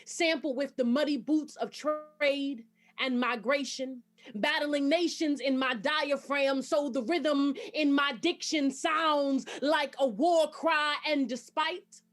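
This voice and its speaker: A woman's voice: high voice, steady tone, slow. A woman performing a spoken word poem with a rhythmic, emphatic delivery.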